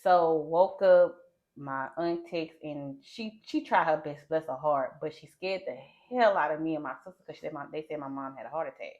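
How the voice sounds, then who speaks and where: A woman podcast host telling an animated personal story in casual chat. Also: sits low, normal speed. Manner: animated storyteller, lively quoted voices. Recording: slightly dull lo-fi sound.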